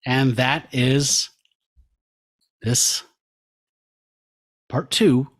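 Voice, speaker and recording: A podcast co-host speaks extremely slowly at a medium, a bit bright pitch with fairly even intonation. In a casual comic recap, he retells a story, acting out what its characters say and laughing.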